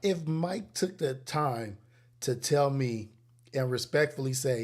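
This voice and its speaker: Hosting a relaxed livestream, this man in his forties with a Los Angeles accent spins lively stories and laughs frequently. He talks a little slowly, his pitch on the high side.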